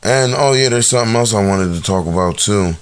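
Guy w a lowish voice just rambling to the camera, swears a ton, lots of "you know what im saying". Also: brisk, clean tone. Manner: profane, slangy, full of fillers like "you know what I'm saying". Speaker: vlogger commenting on news and videos. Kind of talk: casual rambling monologue.

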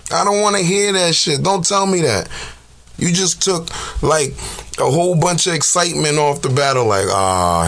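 A man's voice: medium pitch, a bit bright. A man hosting his own show, delivering a heated, profane rant full of street slang and fillers. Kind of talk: casual ranting monologue.

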